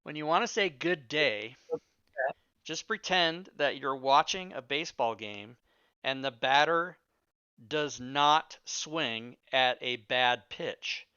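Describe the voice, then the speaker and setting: Jokey man in his fifties, bright and crisp, dry close mic with a dull lo-fi tone. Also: medium pitch, slow pace, no echo. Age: 50s. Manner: joking, laughs often. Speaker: player. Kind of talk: casual banter at the table.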